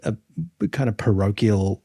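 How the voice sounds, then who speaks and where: A man's voice: on the low side, steady tone, a little slow, dark tone, breathy edge, dry recording. Australian male podcast co-host in his thirties, dry close sound, loose musing delivery. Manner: musing, rambling with restarts. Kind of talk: casual chat.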